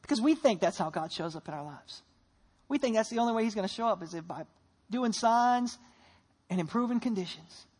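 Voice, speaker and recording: A woman preacher giving a sermon, retelling scripture with animated storytelling and rhetorical questions. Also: fairly high pitch, fairly quick, breathy edge.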